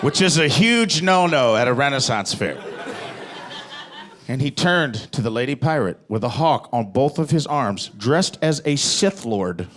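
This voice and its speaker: A man doing stand-up, telling a story in a profane, animated, mock-grandiose way before a live audience. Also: mid-range voice, a little slow. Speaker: stand-up comedian. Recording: live club recording, loud crowd and noise.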